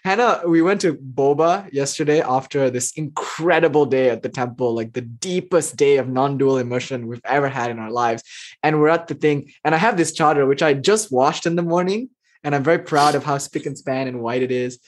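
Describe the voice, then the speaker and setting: A man giving a casual spiritual talk, telling stories and acting out quotes with big jumps in pitch. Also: brisk. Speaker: spiritual teacher.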